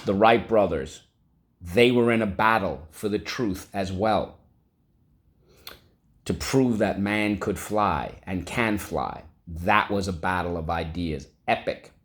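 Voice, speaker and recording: Male teacher, deep voice, unhurried classroom vocabulary drills. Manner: drawn-out, syllable-by-syllable word drills. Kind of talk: vocabulary lesson for children.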